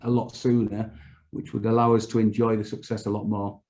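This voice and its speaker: A man's voice: on the low side, little pitch movement, fairly quick, a little mellow. A man, a company boss, answering interview questions earnestly, repeating words as he builds a point. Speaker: company CEO, guest.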